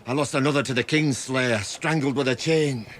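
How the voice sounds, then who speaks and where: An actor playing a grieving older lord who accuses someone bitterly. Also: male voice, medium pitch, steady tone, normal speed, a little hiss or hum, close to an everyday voice.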